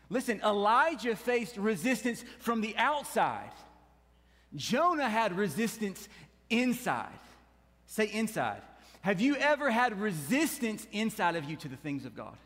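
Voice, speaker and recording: A man preaching a sermon as pastor, animated, rising and dropping, with frequent questions to the congregation. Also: high voice, in a large hall. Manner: animated preaching that rises and drops, with asides to the congregation.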